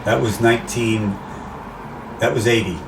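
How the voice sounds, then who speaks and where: An older American man, a race announcer, telling animated stories in a casual interview. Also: lowish voice, unhurried, recorded from a distance. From USA. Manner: animated anecdotes, acts out quoted voices. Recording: roomy, off-mic, faint background noise.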